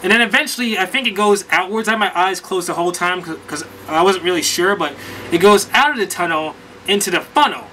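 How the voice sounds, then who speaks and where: A man vlogger telling a rambling, animated story in casual chat with lots of fillers. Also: high-pitched, brisk, a little hiss or hum, rough recording.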